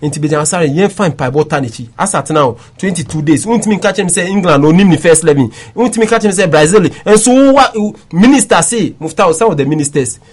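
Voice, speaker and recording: Ghanaian male sports radio host, high pitched, insistent, argumentative chat. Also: expressive, quick pace, few pauses, slightly rough. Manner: insistent, repeatedly addresses co-host by name. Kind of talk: heated sports talk chat.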